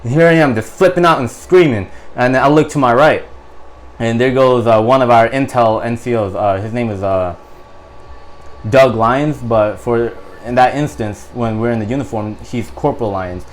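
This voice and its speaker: A young adult man, a Marine guest on a podcast, telling a story in casual, animated, profane talk full of fillers. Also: mid-range voice, moderate pace.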